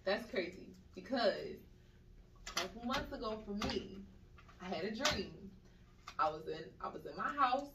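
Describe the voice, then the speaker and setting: A woman in casual chat, telling dream stories in a slangy, animated way and acting out the voices she quotes. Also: mid-range voice, measured pace, pauses often, background noise. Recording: echoey room, mic at a distance.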